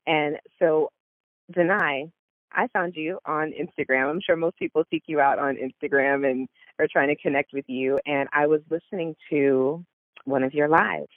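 A woman's voice: sits low, fairly even intonation, moderate pace, no room sound, narrow, tinny audio. A woman hosting a podcast, introducing her guest with gushing, enthusiastic praise. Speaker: podcast host. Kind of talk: podcast interview.

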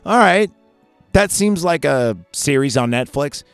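A man hosting a podcast, talking through his favorite movie endings in a rambling, excitable way and swearing often. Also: on the high side, unhurried, clear, resonant tone, dry recording, faint music behind. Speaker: podcast host. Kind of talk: casual movie ranking chat.

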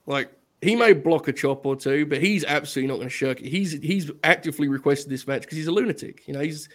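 A man's voice: on the high side, fast. A man co-hosting a podcast in casual chat, joking and playfully teasing the others. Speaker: podcast co-host.

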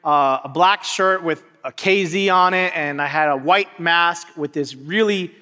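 Male pastor, high and bright, animated storytelling sermon, long church-hall reverb. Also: measured pace. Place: church sanctuary.

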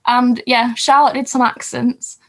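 A woman's voice: on the high side, level tone, unhurried, fairly bright tone, poor audio. A woman co-hosting a podcast, recapping TV shows in casual, rambling chat and laughing often. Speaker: podcast co-host.

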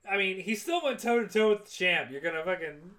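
Male podcast co-host, animated and profane, bright sharp tone, fairly high. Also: a little fast. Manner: excitable, profane, acts out quotes. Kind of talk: casual movie recap chat.

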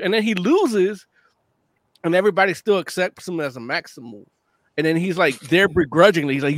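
Brief: eager male co-host, high and bright, in a dry, close sound. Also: expressive, normal speed, no room sound. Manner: eager fan enthusiasm. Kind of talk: casual chat.

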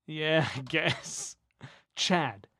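A podcast co-host in casual chat, quizzing themselves on capitals in a playful, think-aloud way that swings between loud and murmured. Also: mid-range voice, drawn-out words, no echo, clean studio sound.

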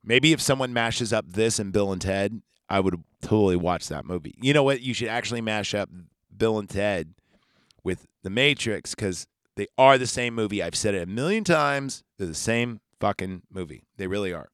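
Male podcast host, jokey and profane, lowish, dry close recording. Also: animated, normal speed, fairly bright tone, no echo. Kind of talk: casual movie recap.

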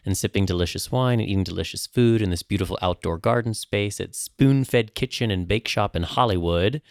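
A man co-hosting a podcast in a casual chat, upbeat and expressive. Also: fairly low pitch, a little fast, no echo, studio quality. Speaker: podcast co-host.

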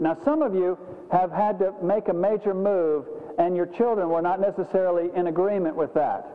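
A man preaching a sermon as pastor, animated, acting out quoted voices as he talks. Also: normal speed. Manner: animated, acts out quoted voices with rising pitch. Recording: dull reverberant hall recording.

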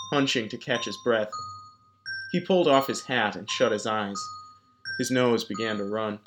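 A man reading a story aloud as narrator, in a measured, even storytelling manner. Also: medium pitch. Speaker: audiobook narrator. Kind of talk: scripted narration. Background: background music.

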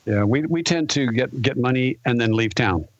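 A man's voice: mid-range voice, lively intonation, normal speed. A man co-hosting a podcast, blunt and opinionated in casual chat. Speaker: co-host. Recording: dry, dull lo-fi mic.

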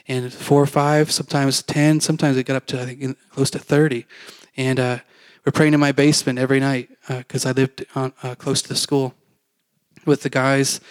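A man's voice: medium pitch, no room sound. A man telling a personal faith story to a congregation in a candid, self-mocking way, acting out the dialogue as he goes. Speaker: preacher giving testimony.

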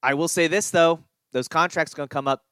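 A man co-hosting a sports podcast, rambling and animated with chuckles. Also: on the high side, fairly quick, clear, resonant tone, dry recording. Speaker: podcast co-host. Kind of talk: casual sports chat.

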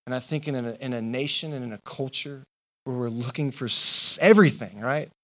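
A man's voice: medium pitch, a little fast, pushed and bright. A male pastor giving a sermon, with impassioned, repetitive rhetorical preaching.

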